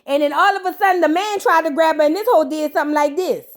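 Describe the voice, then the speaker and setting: A woman hosting a reaction show, recapping in a casual, animated, profane way and talking straight to her viewers. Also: very high voice, quick pace, hardly any pauses.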